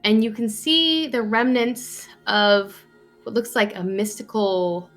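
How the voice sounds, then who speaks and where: A woman's voice: mid-range voice, slow, faint music behind. A woman narrating as game master of a tabletop game, storytelling with an easy flow and frequent fillers.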